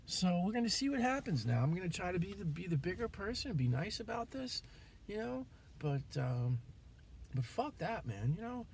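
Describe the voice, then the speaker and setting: A man's voice: sits high, big pitch swings, moderate pace, gravelly, a crowd in the background. A man venting in a rambling, swearing vlog monologue, grieving and angry, with many restarts. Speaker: vlogger.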